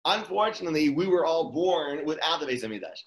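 A man with a slightly higher voice gives a casual Torah talk. He speaks conversationally and often restarts his sentences. The room around him is echoey. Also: expressive, a little fast.

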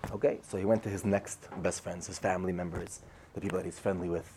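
A man's voice: sits low, steady tone, quick pace, noisy background. A man giving a casual storytelling sermon, recounting a parable in a conversational way and repeating his phrases. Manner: conversational, repeats phrases, acts out quoted voices. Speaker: speaker telling a Torah parable.

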